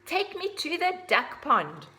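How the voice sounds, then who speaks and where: A woman voicing a lazy little male owl chick in a storybook, whiny at times and shrill and urgent at others. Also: wildly swooping pitch, slow, sharp tone, heavily acted.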